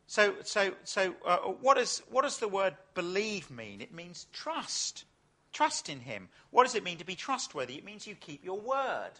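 A man's voice: high voice, big pitch swings, unhurried, bright, forceful tone. A man, an Anglican clergyman, preaching a sermon full of stories and rhetorical questions.

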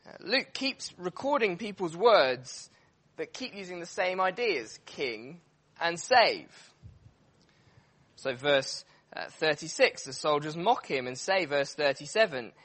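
A man delivers a sermon in a bright, ringing voice that rises and falls freely. His pitch sits a little above the middle of the male range, and he leans hard on key words, pausing on fillers and restarting his sentences as he goes. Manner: animated, emphatic, with frequent fillers and restarts. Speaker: preacher.

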